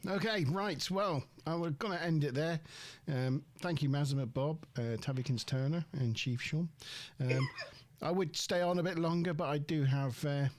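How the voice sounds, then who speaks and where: A man's voice: fairly high pitch, moderate pace. A man hosting a casual podcast review from home over a call. He talks in an easygoing, agreeable way and chuckles often. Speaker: podcast host. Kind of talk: casual chat, reviewing a TV episode.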